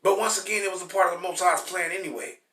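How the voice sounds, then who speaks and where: A man's voice: high-pitched, steady tone. Blunt, profane man preaching from scripture. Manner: blunt, profane, repetitive and emphatic; reads scripture slowly and forcefully. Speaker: Bible teacher. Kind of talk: informal preaching with scripture reading. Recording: roomy echo from a distant mic.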